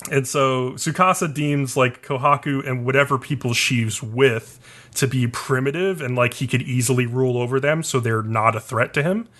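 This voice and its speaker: A man's voice: mid-range voice, fairly bright tone. A man co-hosting a podcast, casually recapping an anime episode and leaning on lots of filler words. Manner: rambling, heavy on "like" fillers. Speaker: podcast co-host.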